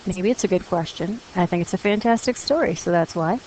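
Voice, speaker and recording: A woman's voice: fairly low pitch, brisk, a little mellow, a little hiss or hum, low-quality recording. A woman teacher explaining punctuation rules to her class in a patient, encouraging way, reading example sentences aloud. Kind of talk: classroom grammar lesson.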